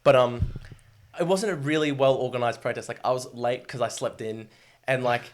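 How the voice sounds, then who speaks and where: A man's voice: mid-range voice, steady tone, moderate pace, a little hiss or hum. A young Australian man in his twenties, a guest telling his story in a rambling, casual way full of fillers and swearing.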